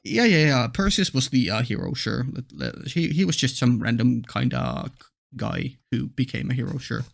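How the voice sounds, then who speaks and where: A man hosting a let's play, reading a visual novel aloud and chiming in with relaxed, amused commentary. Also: mid-range voice, moderate pace, creaky. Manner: relaxed and amused, laughing often, saying sure a lot.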